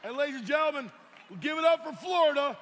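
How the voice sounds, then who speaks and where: A man with a Baltimore accent emceeing a robotics event, hyping the crowd with shouted, folksy calls over a microphone in a large arena. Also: extremely high pitch, fast talker, faint music behind. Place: large indoor competition arena. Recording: echoey arena with long reverb and crowd. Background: crowd and arena noise.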